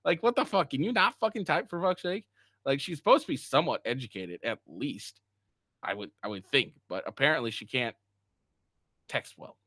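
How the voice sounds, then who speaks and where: A man commenting live on an online drama, reading screenshots verbatim and cutting in with crude, mocking remarks. His voice jumps up and down in pitch as he reacts. The sound is dry and close, with no room echo. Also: animated, normal speed, pushed and bright. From Asian heritage. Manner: profane, mocking, reads texts aloud verbatim. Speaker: streamer reacting to a podcast drama.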